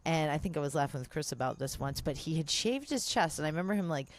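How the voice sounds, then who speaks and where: Lively, laughing woman podcast co-host. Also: sits low, quick pace, a little hiss or hum. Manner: laughs often, runs the would-you-rather questions. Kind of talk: casual chat.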